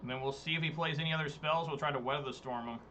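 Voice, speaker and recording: Bright-voiced man swearing through game commentary. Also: a little high, fairly even intonation, very fast, a little hiss or hum. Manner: exasperated, swearing, talks to chat. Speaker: streamer playing a card game. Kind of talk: casual gameplay commentary. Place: home room, hot day.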